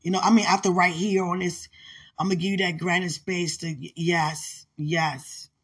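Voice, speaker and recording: A woman's voice: lowish voice, little pitch movement, moderate pace, slightly rough. A woman leading an emotional live prayer session, often tearful, sighing and laughing as she prays and calls her listener sweetheart. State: crying.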